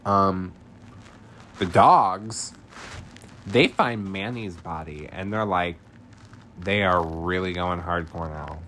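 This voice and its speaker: A man's voice: low voice, takes it slowly, pauses often, bright, forceful tone, slight background noise. A man hosting a podcast, recapping a film in chatty, slangy casual talk with lots of filler words. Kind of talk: casual chat.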